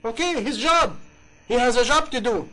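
Man preaching, high-pitched voice, impassioned, rhetorical questions, English. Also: expressive, normal speed, sharp tone, low-quality recording. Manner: impassioned, rhetorical questions, non-native grammar. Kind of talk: sermon.

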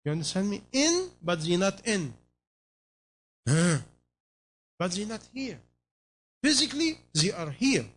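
A man's voice: sits high, big pitch swings, unhurried, long pauses, a bit bright. A man preaching a sermon in non-native English phrasing, pressing his listeners with repeated rhetorical questions.

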